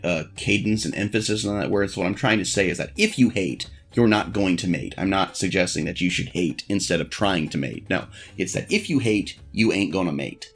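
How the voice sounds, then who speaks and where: A man vlogging frank dating advice in a blunt, profane, self-deprecating casual monologue. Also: low-pitched.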